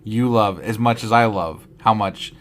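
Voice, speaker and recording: A man's voice: on the low side, measured pace, a little hiss or hum. A man co-hosting a casual podcast, giving blunt, sarcastic reactions and swearing freely. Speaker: podcast co-host. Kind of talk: casual chat.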